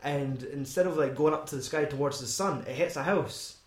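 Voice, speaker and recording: A man's voice: a little high, a little fast, roomy sound. A Scottish man co-hosting a podcast, rambling and swearing casually as he talks through a film. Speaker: podcast co-host.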